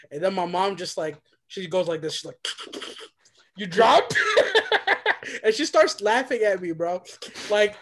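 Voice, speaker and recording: A young man, a podcast guest, telling a story in a lively, dramatic way and dropping to a hush for effect. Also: sits high. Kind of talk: animated storytelling.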